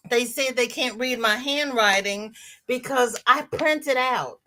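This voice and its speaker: A woman in her sixties hosting a casual crochet livestream, chatting warmly with viewers and greeting them by name as she reads the chat. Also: on the high side, unhurried. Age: 60s.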